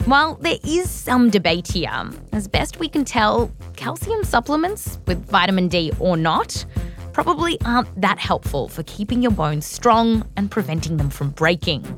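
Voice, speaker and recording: Lively Australian woman narrating science. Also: medium pitch, normal speed, soft background music. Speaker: host. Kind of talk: scripted science narration with interview.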